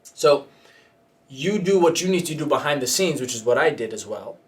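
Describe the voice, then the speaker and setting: A male podcast host gives coaching advice in loose banter. He jokes, laughs and drops into mock voices. His pitch sits a little high and moves widely. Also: normal speed, far from the mic. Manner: animated, joking, laughs often, mock voices.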